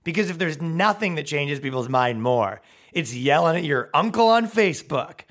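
A man's voice: on the high side, expressive, normal speed, a bit bright. Guy doing a sarcastic comedy rant, swears a lot, voice jumps all over. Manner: mocking, sarcastic, swears freely. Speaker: comedy podcast host.

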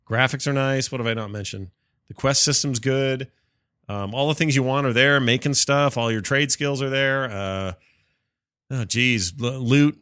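A man's voice: mid-range voice, fairly bright tone, smooth, no room sound. A man chatting on a gaming podcast, rambling eagerly and restarting his sentences with plenty of fillers. He sounds a bit stuffy from allergies, and his voice sits mid-range. The studio mic is close and dry. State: sneezy, coughing from allergies. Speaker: podcast co-host. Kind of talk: casual gaming podcast chat. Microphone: studio mic with cough switch.

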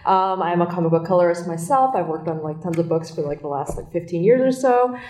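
A woman's voice: fairly low pitch, animated, brisk, mellow. Female panelist, rambling, filler-heavy, echoey room. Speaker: comic colorist and blogger. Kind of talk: casual panel chat.

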